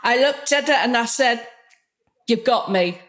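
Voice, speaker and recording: A woman's voice: on the high side, unhurried. A woman, the guest, candidly telling her own story in an interview and acting out the voices of people in it. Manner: candid, animated, acts out quoted dialogue.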